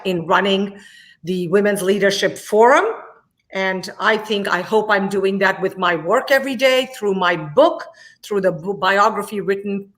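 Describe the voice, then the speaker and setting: A woman gives an interview as the guest. She speaks passionately, stresses her points and repeats words to drive them home. Her voice sits at an ordinary middle pitch. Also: a bit bright. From India. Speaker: guest, immigration attorney.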